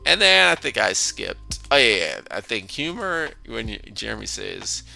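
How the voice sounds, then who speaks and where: A man's voice: lowish voice, sing-song, normal speed, gravelly, bright, forceful tone, faint music behind. A man hosting a casual philosophy talk, rambling with frequent restarts and chuckling often between points. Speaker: host of a philosophy discussion channel. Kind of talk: casual conversational monologue.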